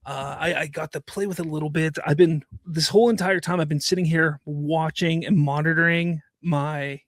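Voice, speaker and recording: A man's voice: a little high, fairly even intonation, moderate pace, dry recording. A man in his thirties co-hosting a podcast, easygoing and agreeable, laughing often in casual chat. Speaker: podcast co-host.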